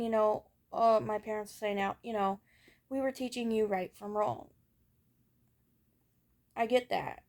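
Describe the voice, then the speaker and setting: A woman's voice: mid-range voice, darkish tone. A young woman talking candidly about her childhood in a personal vlog, rambling a little with frequent fillers. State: has hiccups. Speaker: vlogger. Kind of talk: personal storytelling to camera.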